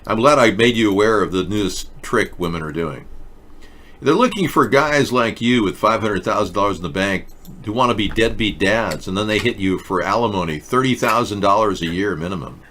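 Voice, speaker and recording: A low-voiced man hosts a casual talk show, mocking and sarcastic as he rants. His pitch swings widely through the jokes, and he mumbles flatly when reading things aloud. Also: fairly quick, slight background noise. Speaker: host. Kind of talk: casual comedic commentary.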